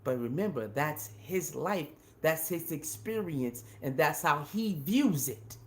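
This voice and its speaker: A man with a slightly high, animated voice speaks slowly while hosting his own commentary channel. His talk is casual, emphatic and slangy, and he keeps repeating his points.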